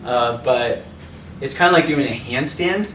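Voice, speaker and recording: A man's voice: mid-range voice, a little slow, roomy sound, recorded from a distance, a little hiss or hum, rough recording. A man from Canada, a yoga teacher hosting a video call, telling a casual story with laughter and acted-out voices. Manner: animated storyteller acting out voices, laughing often.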